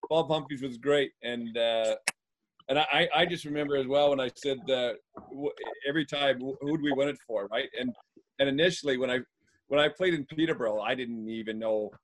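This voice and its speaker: A man's voice: medium pitch, brisk, a little hiss or hum. A man from North America, a former hockey player, telling stories in a rambling, filler-heavy way. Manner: rambling, lots of fillers, animated. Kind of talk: casual storytelling.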